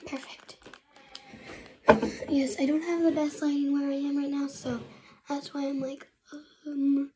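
A woman's voice: sits high, flat delivery, measured pace, pauses often, mellow. A young female vlogger talking casually through her bedtime skincare routine, rambling and often half-whispering to herself. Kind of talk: casual get-ready-with-me vlog.

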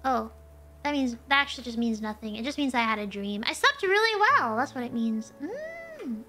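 A woman's voice: a little high, animated, a little fast, pushed and bright, a little hiss or hum. A woman streamer chatting animatedly while playing a game, telling stories as she goes. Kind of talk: casual gameplay chat.

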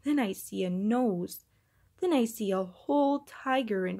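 A woman reading a children's picture book aloud, acting out the sound effects with animated delivery. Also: medium pitch, unhurried. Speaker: storybook reader.

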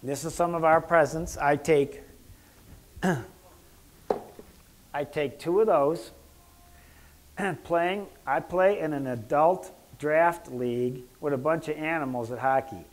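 A man giving a casual health lecture as a doctor, joking and rambling, clearing his throat often. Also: on the high side.

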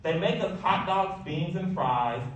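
A man reading a rhyming picture book aloud in a lively, sing-song way. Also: measured pace, far from the mic, dull audio. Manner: lively, sing-song delivery with big pitch jumps. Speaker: storybook reader. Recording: echoey room, voice off-mic, faint hiss.

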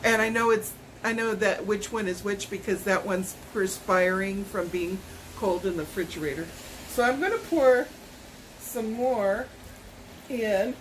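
A woman's voice: mid-range voice, measured pace, a little hiss or hum, low-quality recording. A woman, vlogging a casual product unboxing at home, chatty and rambling with self-corrections. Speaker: YouTube vlogger.

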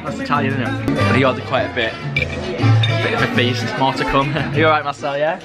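A young man chatting casually in a vlog, bubbly and jokey, laughing often and jumping up into high squeals. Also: moderate pace, over loud music. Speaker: vlogger.

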